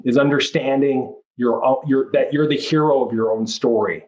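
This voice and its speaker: A man's voice: medium pitch, normal speed, darkish tone, poor audio. A man speaking as a life coach in a podcast interview, talking in an earnest, reflective way and often restarting his phrases. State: moved, near tears.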